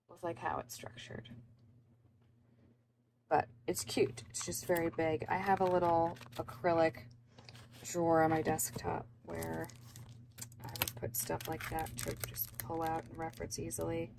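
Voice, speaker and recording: A young woman talks through an unboxing at her home desk in an easy, rambling way, full of ums and likes. Her voice sits low and has a gravelly fry to it. There is a steady hiss of noise under the recording. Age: young adult. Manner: rambling, chatty, many fillers. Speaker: planner vlogger. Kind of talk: casual unboxing chat. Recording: noisy background.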